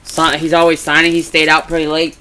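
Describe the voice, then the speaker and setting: A man casually chatting in a vlog, rambling with restarts and growing animated as he retells stories. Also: on the high side, brisk, a little hiss or hum. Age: adult. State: congested from allergies. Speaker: vlogger. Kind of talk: casual chat.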